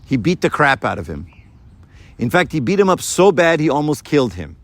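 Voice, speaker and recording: A man giving a sermon to a live audience, lively and full of rhetorical questions. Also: a little high, fairly quick, dry recording. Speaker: preacher.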